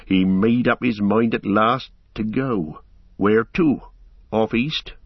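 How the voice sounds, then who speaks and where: A loyal, earnest hobbit servant, as a male narrator puts him on, speaking with a lilt. His voice is husky, close and dry, a bit dull in tone. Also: lowish voice, slow pace, no echo, full character voice. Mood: worried. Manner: earnest, rustic and worried.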